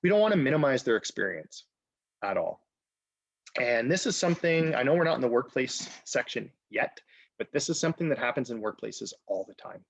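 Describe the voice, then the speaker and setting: A man's voice: mid-range voice, sing-song, fairly quick, gravelly, no echo. A man presenting a training webinar, earnest and direct, often checking in with "okay?". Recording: dull lo-fi webinar audio.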